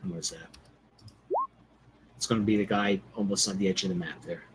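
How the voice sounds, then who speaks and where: A man's voice: sits low, steady tone, brisk, heavy background noise. A man playing a tabletop game, thinking aloud as he plans his moves. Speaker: player.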